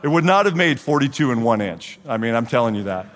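A man in his forties, a guest speaker at a church men's group, gives a storytelling testimony and acts out the dialogue with lively energy. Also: mid-range voice, quick pace. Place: church hall. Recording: long reverb of a large hall.

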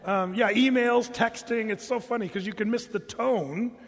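A man preaching a sermon as pastor, animated and jokey, putting on mock voices to make his points. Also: high voice, normal speed, big-room sound.

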